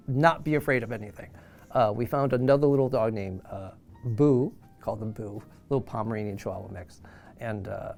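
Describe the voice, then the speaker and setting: Lively storytelling man in his sixties. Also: medium pitch. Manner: animated, acts out quoted voices. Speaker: Broadway animal trainer. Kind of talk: storytelling anecdote.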